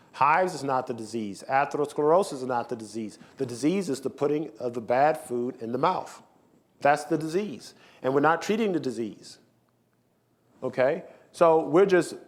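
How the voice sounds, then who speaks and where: A male doctor delivering a symposium lecture. His voice sits at an ordinary middle pitch. He hammers his points home with repetition and rhetorical questions. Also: animated, normal speed. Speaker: physician giving a lecture. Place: lecture hall with slides.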